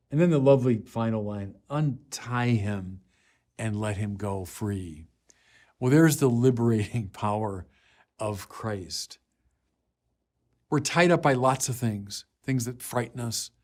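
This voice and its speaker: Male preacher, middle-aged, unhurried delivery, mid-pitched voice, swells into forceful proclamations. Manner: slow, deliberate, rising to emphatic declarations. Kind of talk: sermon.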